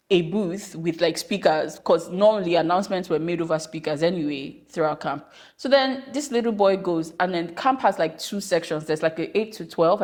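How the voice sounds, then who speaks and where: A young woman from Nigeria hosting a podcast, chatting casually with rambling, animated asides. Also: fairly low pitch. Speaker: podcast host. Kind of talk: casual monologue.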